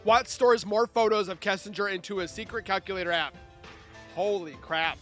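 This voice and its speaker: A man's voice: high voice, brisk, a bit bright, faint music behind. A man reading through a case timeline and breaking in with sarcastic, scornful asides in casual commentary. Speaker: true crime YouTuber.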